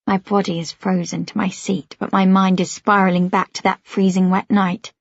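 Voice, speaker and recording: A woman narrates a first-person novel in an expressive, slightly anxious storytelling voice. Her pitch is mid-range, and the studio sound is dry and a little dull. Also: normal speed, creaky, few pauses, dry recording. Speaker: audiobook narrator.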